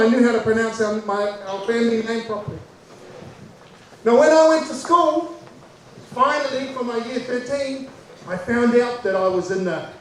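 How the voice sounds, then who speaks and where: A man with a New Zealand accent doing stand-up storytelling, animated and acting out the people in his story. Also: extremely high pitch. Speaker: comedian. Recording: echoey distant stage recording with faint noise.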